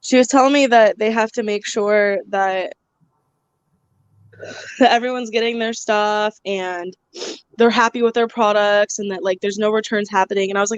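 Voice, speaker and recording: A woman's voice: medium pitch, steady tone, moderate pace, smooth, dull audio. A woman hosting a casual live-stream chat, venting with a lot of swearing and bursts of laughter. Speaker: channel host.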